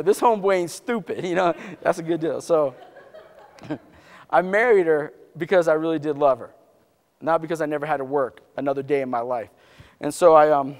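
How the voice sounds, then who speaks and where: A man telling a joking, animated story as a motivational speaker to a live audience. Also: on the high side, creaky. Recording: echoey hall.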